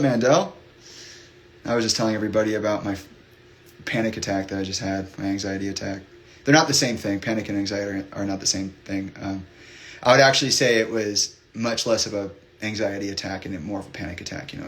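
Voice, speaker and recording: A man's voice: on the low side, gravelly, a bit bright, slight background noise. A man hosting a livestream, chatting openly with his viewers in a rambling way full of fillers and restarts. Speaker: livestream host. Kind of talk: candid chat with live viewers.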